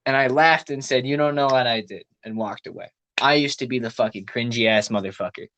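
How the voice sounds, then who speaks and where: Animated teenage guy telling stories. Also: mid-range voice, brisk. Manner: animated storyteller, swears freely. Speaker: podcast co-host. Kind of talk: casual chat.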